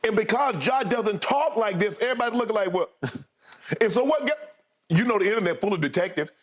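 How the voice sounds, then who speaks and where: A man's voice: high-pitched, animated, fairly quick. A man co-hosting a sports debate show, emphatic and repetitive, often calling his partner by name. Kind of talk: animated sports debate talk.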